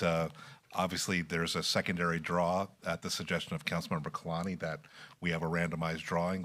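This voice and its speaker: A man with a deep, low voice reports to a city council in a formal, measured way. He pauses often with fillers as he lays out details. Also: fairly bright tone. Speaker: city staff presenter. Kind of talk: formal public meeting report.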